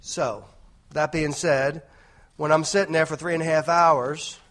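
Slightly slow and steady, with a fairly high, fairly bright voice, this lay preacher rambles through a personal anecdote in an informal sermon. He often restarts sentences and tacks on "right?".

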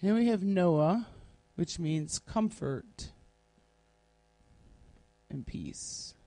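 A woman teaching a Bible class in a classroom, deliberately spelling out word meanings one at a time while she writes on a board. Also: on the low side, lively intonation, mellow.

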